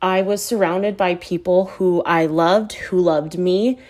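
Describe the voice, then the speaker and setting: A woman's voice: lowish voice, slow. Chatty self-mocking woman in her thirties. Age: 30s. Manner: animated, candid, self-mocking storytelling. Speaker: podcast host. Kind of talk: casual confessional chat.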